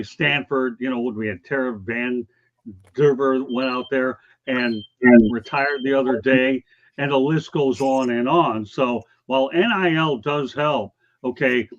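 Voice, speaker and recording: A man's voice: mid-range voice, dull audio. A man hosting a sports talk show, casual and emphatic, pushing his opinions hard. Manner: emphatic, opinionated, keeps saying okay.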